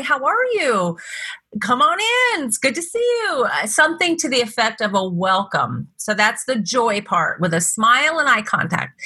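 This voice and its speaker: A middle-aged woman speaker shares stories in a lively interview, often jumping up in pitch to act out what people said. Her voice is bright and forward with a husky edge. The recording is close and dry. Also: no echo. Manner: animated, acts out quoted lines in a higher voice. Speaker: motivational speaker, interview guest. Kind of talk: conversational storytelling. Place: Las Vegas.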